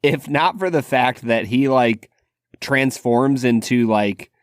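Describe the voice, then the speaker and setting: A man's voice: medium pitch, slow pace, no echo, clean studio sound. A man in his thirties co-hosting a podcast, talking about a film in a laid-back, joking way. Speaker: podcast co-host. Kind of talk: casual movie discussion.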